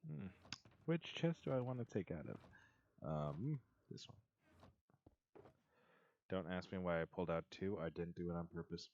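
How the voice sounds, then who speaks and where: A man's voice: low voice, animated, moderate pace, long pauses, a little mellow, lo-fi sound, a little hiss or hum. A man streaming a block-building game, rambling in a self-amused way and chatting to the creatures he meets. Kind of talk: casual gameplay commentary.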